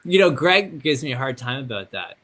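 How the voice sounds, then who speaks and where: A man with a Canadian accent hosts an easygoing book club discussion. His voice is bright and forward, and he talks in a light, joking way, padding his thoughts with ums and restarts. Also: medium pitch, sing-song, fairly quick. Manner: upbeat, joking, thinks aloud with fillers. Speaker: host. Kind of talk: casual book club chat.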